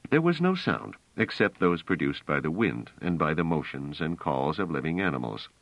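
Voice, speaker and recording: A man with a very deep voice narrates an audiobook, his pitch moving in a lively, expressive way. His reading is measured and clear in pacing. The recording is dry and a little dull. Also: no echo. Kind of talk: scripted narration.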